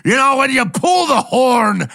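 A man voicing a drunk, crude, loudmouthed male dwarf in an improvised comedy podcast. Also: very high voice, big pitch swings, unhurried, vocal fry, full character voice. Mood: rowdy. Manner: rowdy, shouting, crude.

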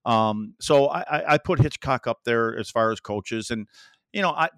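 A man's voice: mid-range voice, lively intonation, moderate pace, fairly bright tone, clean tone, dry recording. An older man, a podcast guest, telling casual hockey stories with rambling anecdotes and acted-out quotes. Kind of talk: casual storytelling.

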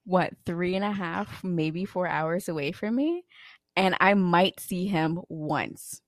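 A woman's voice: lowish voice, slow, no room sound, studio quality. A woman co-hosting a podcast in casual chat, teasing and playful, laughing often. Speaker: podcast co-host.

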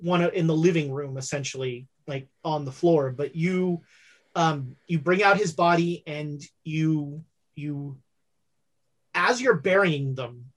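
A game master narrates a tabletop horror game with many halting fillers. The delivery is slow and unhurried. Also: medium pitch.

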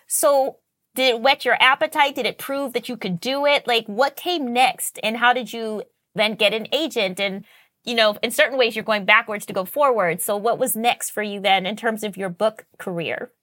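A woman's voice: fairly high pitch, moderate pace, sharp tone. A woman hosting a podcast interview, chatty and piling up several questions at once. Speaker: podcast host.

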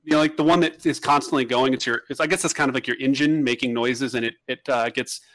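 Male podcast co-host, casual rambling delivery, medium pitch. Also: steady tone, fast talker, a bit bright. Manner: rambling, many restarts and fillers. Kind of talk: casual chat.

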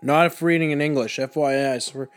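A man's voice: fairly high pitch, steady tone, quick pace, smooth. A man co-hosting a casual podcast, joking and teasing, often tagging "eh?" on the end. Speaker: podcast co-host. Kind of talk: casual chat.

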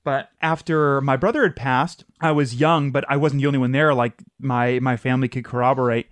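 A podcast host in casual chat, an animated storyteller who likes to mimic sounds. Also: medium pitch, brisk, dry recording.

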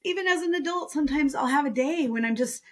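A middle-aged woman in casual podcast chat, expressive and laughing often, acting out quoted voices. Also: high voice, fast talker. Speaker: podcast co-host.

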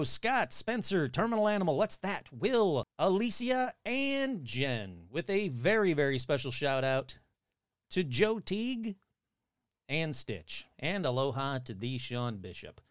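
Male podcast host, hoarse from allergies, chatty and reactive, lively pitch, dry sound. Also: dry recording. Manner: chatty, reacts aloud while watching clips. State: hoarse, voice cutting in and out. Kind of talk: casual podcast chat.

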